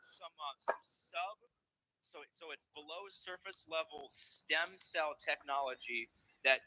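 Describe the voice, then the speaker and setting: A man talking in a loose podcast conversation, his voice sitting a little high for a man. He rambles, swears freely and wanders from one tangent to the next. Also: a little slow, pushed and bright, low-quality recording. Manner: rambling, profane, goes off on tangents. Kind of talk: casual podcast chat.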